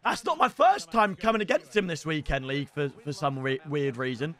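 A young man commentating live on his own gameplay as a streamer, excitable and swinging between hype and groans. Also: on the high side, brisk, faint music behind. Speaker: gaming streamer.

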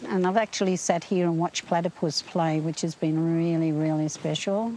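An older woman talking casually and warmly outdoors in a forest, gentle, heartfelt and enthusiastic. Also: deep voice, steady tone, moderate pace, hardly any pauses, slight background noise, poor audio. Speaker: interviewee. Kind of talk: casual conversation.

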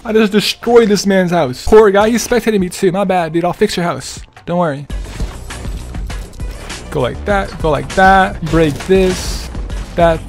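Playful, laughing young gaming streamer. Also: male voice, sits high. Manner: playful, trolling, laughs often. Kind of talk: live gameplay commentary.

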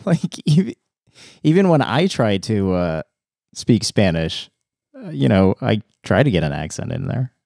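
A man's voice: lowish voice, big pitch swings, measured pace, vocal fry, a little mellow, dry recording. A man co-hosting a podcast, chiming in with short dry teasing remarks. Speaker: podcast co-host. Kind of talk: casual podcast chat.

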